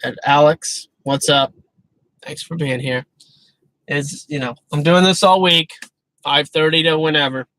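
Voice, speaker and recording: A man's voice: a little high, fairly even intonation, a little slow, long pauses, bright, forceful tone, poor audio. A man hosting a live stream, talking casually but emphatically about faith, often breaking off and restarting. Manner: emphatic, earnest, self-interrupting. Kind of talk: casual preaching chat.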